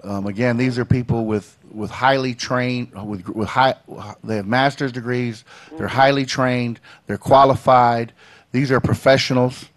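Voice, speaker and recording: A man with a middle-pitched voice makes an earnest case on a talk show. He stumbles and repeats words as he pushes his point forward, sounding like a working politician. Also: steady tone, measured pace. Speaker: state representative.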